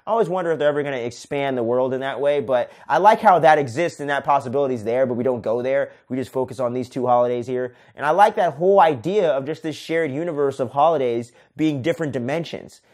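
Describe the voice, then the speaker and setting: Casual male podcast host, profane and gushing, average-pitched voice. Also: quick pace, hardly any pauses, darkish tone. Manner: enthusiastic, profane, says "man" often. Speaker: podcast host, film reviewer. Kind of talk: casual solo movie review.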